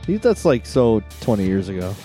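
A man's voice: on the low side, very animated, moderate pace, mellow, soft background music. A man around forty co-hosting a casual podcast, playful and self-mocking. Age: about 40. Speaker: podcast co-host.

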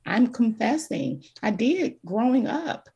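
A woman's voice: fairly high pitch, very animated, slow, creaky, dark tone, husky, lo-fi sound. A woman guest on a podcast, telling her story in an emphatic and candid way. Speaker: podcast guest, childhood trauma advocate. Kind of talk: conversational podcast interview.

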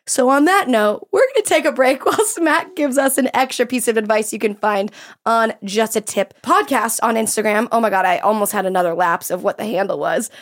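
A woman's voice: a little high, brisk. A young woman hosting a comedic advice podcast, chatting casually and giggling at herself a lot. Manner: giggly, self-deprecating, laughs often. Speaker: podcast host.

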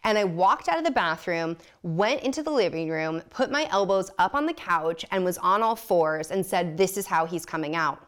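A woman's voice: on the low side, moderate pace, few pauses, clear, resonant tone. Woman telling her story on a podcast, blunt and funny, laughs a lot. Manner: lively, blunt, self-mocking, laughs often. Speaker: podcast guest. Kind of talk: candid personal storytelling.

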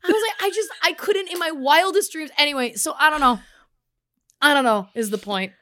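A young adult woman co-hosting a podcast, telling an animated story, acting out the voices of the people in it, and laughing often. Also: sits high, brisk. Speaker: podcast co-host. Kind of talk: casual storytelling chat. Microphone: remote call.

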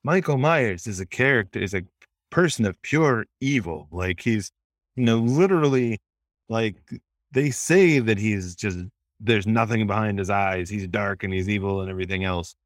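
A man's voice: lowish voice, moderate pace, dry recording, studio quality. A man from the American South co-hosting a casual movie review podcast, rambling and sometimes losing his train of thought. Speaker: podcast co-host.

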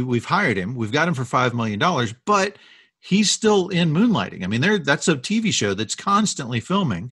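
A podcast co-host with a mid-range, fairly bright, husky voice tells movie history stories on a casual talk show, rambling chattily with restarts and asides. The recording is dry and studio-clean.

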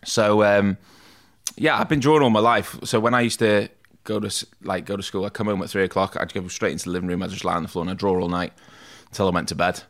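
A young man tells a long story in a relaxed, chatty way, with a fairly low voice. He slips into quoted voices as he recounts what people said. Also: quick pace. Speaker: tattoo artist guest. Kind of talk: casual storytelling interview.

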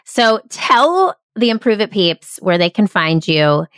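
A woman's voice: mid-range voice, very animated, slow, fairly bright tone, clean tone, no echo. Enthusiastic woman podcast host, dry sound. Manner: effusive, enthusiastic. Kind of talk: casual interview chat.

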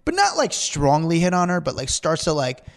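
A man telling rambling stories as a podcast guest, his voice sitting a bit high. He talks very fast and fills his sentences with loose fillers in an easygoing, chatty way. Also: wildly swooping pitch. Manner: rapid, rambling, full of "like" fillers. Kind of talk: animated storytelling in casual chat.

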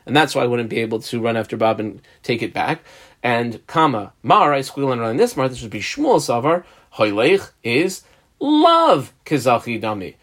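A man's voice: mid-range voice, sing-song, normal speed, a bit bright. A man giving a Talmud lesson, explaining each step and marking the text aloud as he reads. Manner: explains step by step, marks text aloud, uses example names. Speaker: Talmud teacher.

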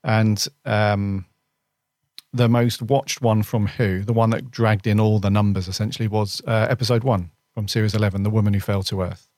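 Hesitant man with a low voice. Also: steady tone, normal speed, a little mellow, no room sound, studio quality. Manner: hesitant, corrects himself as he goes. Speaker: podcast co-host. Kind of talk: casual chat.

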